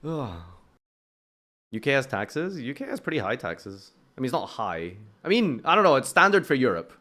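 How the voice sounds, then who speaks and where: Young british guy streaming, chatty and sarcastic, swears a lot, middle pitch. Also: sing-song, fairly quick, pushed and bright. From United Kingdom. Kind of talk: casual chat with chat while playing.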